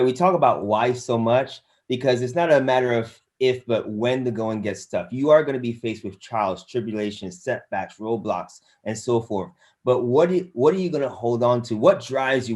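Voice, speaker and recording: A man's voice: medium pitch, darkish tone. Enthusiastic man hosting a motivational interview. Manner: enthusiastic, motivational, builds up long lists of phrases. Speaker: interview host, course coach.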